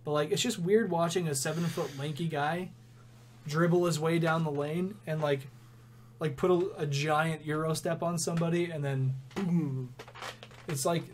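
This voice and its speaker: Young male podcast co-host, rambly and giggly, slightly high voice, faint noise. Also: steady tone, moderate pace, a little mellow. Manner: rambling, laughs often. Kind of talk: casual sports chat.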